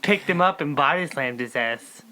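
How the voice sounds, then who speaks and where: A man's voice: on the high side, animated, moderate pace, pushed and bright. Blunt, crude male podcast co-host. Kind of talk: casual chat.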